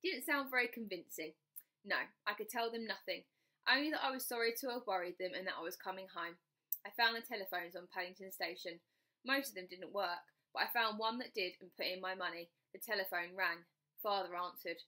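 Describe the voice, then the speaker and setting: A woman's voice: medium pitch, a little fast, bright, forceful tone. A woman reading a children's storybook aloud, narrating in the first person with expression. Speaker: storybook reader.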